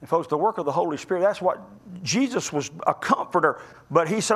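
A male preacher delivering a sermon, telling stories in a folksy, impassioned way that swings between loud climbs and quiet drops. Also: a little high, lively intonation, fairly quick, few pauses, husky. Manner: impassioned, folksy storytelling with sudden rises and drops.

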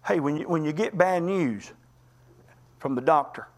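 A male preacher delivering a sermon, telling stories in a folksy, impassioned way that swings between loud climbs and quiet drops. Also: a little high, moderate pace. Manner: impassioned, folksy storytelling with sudden rises and drops.

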